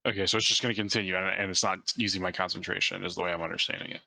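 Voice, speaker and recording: A man's voice: low-pitched, fairly even intonation, very fast, creaky, bright, forceful tone, no echo. A man playing in a tabletop game, casual and a little unsure about the rules. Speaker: player.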